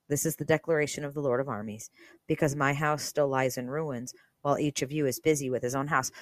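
A woman's voice: deep voice, no room sound. A woman hosting a Bible reading podcast, reading scripture aloud and stopping to comment in an earnest, conversational way full of fillers. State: briefly emotional.

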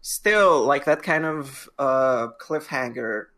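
A man's voice: medium pitch, animated, takes it slowly, pushed and bright. A man co-hosting a casual podcast, rambling and joking, swearing now and then. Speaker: podcast co-host.

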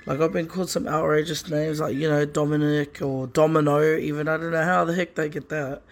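Higher-voiced guy, kinda incredulous storytelling. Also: level tone, brisk. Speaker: listener sending in a story. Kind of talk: recorded voice message.

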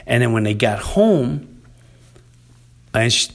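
A middle-aged man hosts a podcast and rambles through a family story in loose, casual chat. His voice sits in an ordinary middle pitch. He keeps breaking into quick impressions of his kids and his wife. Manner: rambling, animated storyteller who acts out quoted family members. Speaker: podcast host.

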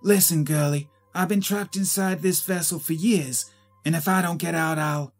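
A man's voice: sits high, lively intonation, normal speed, a little mellow, soft background music. A man voicing a sinister talking glass doll lady, with a sarcastic vaudeville accent and old-timey slang. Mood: menacing. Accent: 1920s vaudeville.

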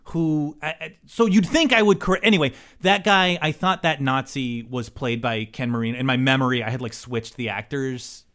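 A man's voice: medium pitch, moderate pace, few pauses, a bit bright. A man chatting as a podcast guest in a middling voice, rambling through his thoughts and restarting sentences often. He drops self-deprecating asides in a loose, casual way. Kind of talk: casual chat.

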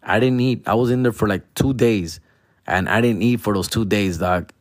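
A young man telling a story in a casual, slangy monologue, now and then breaking into loud exaggerated whines. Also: lowish voice, moderate pace, no echo, clean studio sound.

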